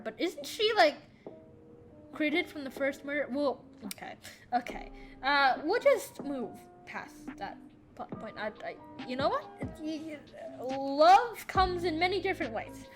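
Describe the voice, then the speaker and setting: A woman retells a story while drawing, wandering off track and correcting herself as she goes. Her voice is high and very lively, swooping up and down, with faint music behind. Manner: rambling, self-correcting, easily sidetracked. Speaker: storyteller and artist.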